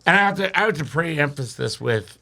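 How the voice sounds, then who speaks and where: A man guesting on a comedy podcast, telling a story in a profane, animated way and laughing between his sentences. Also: a little high, fairly quick, creaky. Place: podcast studio.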